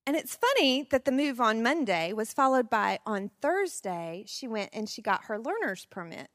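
A woman in her forties telling personal stories at a parenting seminar, expressive and laughing often. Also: a little high, moderate pace, dry recording, clean studio sound. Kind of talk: personal storytelling talk.

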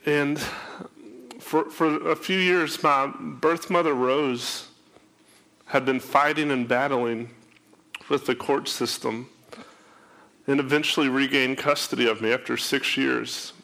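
A man sharing an emotional personal testimony, often halting and repeating his words. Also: mid-range voice, steady tone, creaky, sharp tone.

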